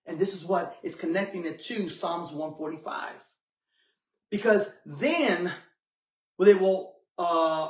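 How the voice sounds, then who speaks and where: A man's voice: sits high, takes it slowly, distant mic. A man preaching a sermon, telling the story dramatically and acting out the characters. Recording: echoey room, mic from afar.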